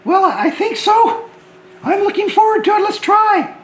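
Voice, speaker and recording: Upbeat little rock creature, high and lively, put on by a man, echoey room. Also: unhurried, full character voice. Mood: eager. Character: cheerful small talking rock creature.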